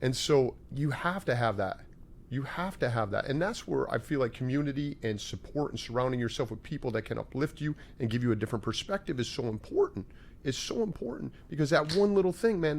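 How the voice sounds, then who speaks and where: A man's voice: medium pitch, expressive, brisk, darkish tone, a little hiss or hum. A middle-aged man, a fitness coach, talking earnestly as a guest in an interview. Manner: earnest, emphatic about mindset. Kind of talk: casual interview chat.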